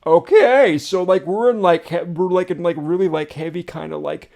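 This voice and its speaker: A man hosting a casual music reaction, talking in an excitable rush full of fillers and swearing. His voice sits a touch high and has a gravelly edge. He rambles as he explains what he hears. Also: normal speed.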